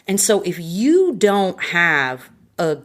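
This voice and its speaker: A woman's voice: lowish voice, very animated, slow. A woman from Vermont, a podcast guest, telling her personal story in an earnest, emotional and frank way.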